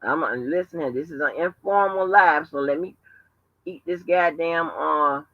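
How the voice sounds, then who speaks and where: A woman's voice: sits low, normal speed, no room sound. A woman hosting a casual livestream from home, talking in a profane, emphatic, storytelling way. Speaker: livestream host. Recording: dull lo-fi livestream audio.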